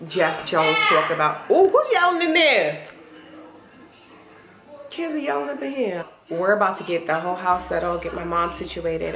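A woman's voice: lowish voice, lively intonation, moderate pace, a bit bright, soft background music. A young woman, rambling through a casual family vlog, saying y'all a lot. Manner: chatty, rambling, uses y'all. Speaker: family vlogger, mother.

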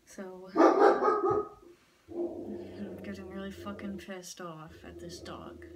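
Une femme qui se confie à sa caméra chez elle, bouleversée et au bord des larmes, qui jure et parle souvent à voix presque chuchotée. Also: female voice, mid-range voice, steady tone, takes it slowly, gravelly, far from the mic, very noisy. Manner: upset, rambling and swearing, often dropping to a near whisper. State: close to tears. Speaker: vlogger. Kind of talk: casual vlog talk to camera. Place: at home in front of a mirror.

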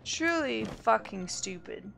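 A woman's voice: a little high, animated, slow, creaky, a little hiss or hum. A woman streaming a game, swearing often and ranting about the game. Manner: swears a lot, frustrated ranting. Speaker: let's play gamer. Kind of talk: casual game commentary. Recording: loud game music underneath.

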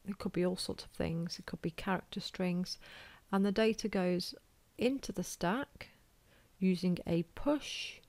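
A woman's voice: on the low side, a little slow, darkish tone, dry recording. A woman with a British accent giving a recorded lecture, informal and self-deprecating, thinking aloud as she draws on a board. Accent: British English. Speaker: college lecturer.

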